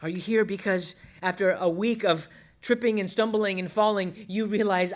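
A man preaching a sermon as pastor, earnest, swinging between urgent pleading and hushed, quiet passages. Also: sits high, steady tone, moderate pace.

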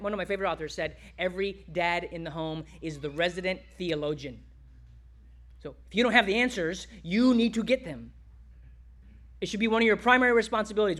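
Man, pastor, sermon, fairly high voice, exhorting, soft tender asides.

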